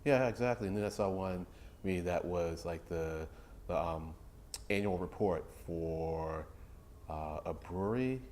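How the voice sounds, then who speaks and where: A man's voice: sits low, a little slow, a little mellow, slight background noise. A man hosting a casual interview, asking persistent, curious questions. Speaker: interviewer and host.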